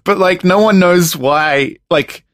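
A man's voice: high voice, slow, fairly bright tone, dry recording. Laughing, joking male podcast host. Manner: laughs often, loose and jokey. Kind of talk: casual chat.

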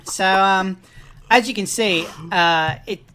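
A male podcast host who talks in a deadpan, hesitant way, filling his sentences with ums as he jokes with his co-hosts. His voice sits in a middle register. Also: sits high, takes it slowly. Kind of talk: deadpan comedic reading and banter.

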